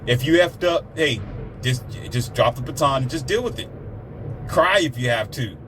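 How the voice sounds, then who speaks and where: A man delivering a heated, preachy rant, swearing and shouting out questions. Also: medium pitch, expressive, normal speed, background noise. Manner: heated, preachy, swears, mimics others in raised voice. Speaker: commentator. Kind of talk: ranting monologue.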